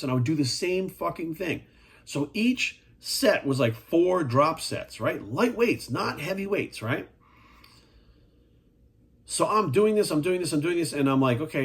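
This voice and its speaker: A man's voice: fairly high pitch, breathy edge. A man talking as a fitness coach in a casual monologue, blunt and profane, firing rhetorical questions at the viewer.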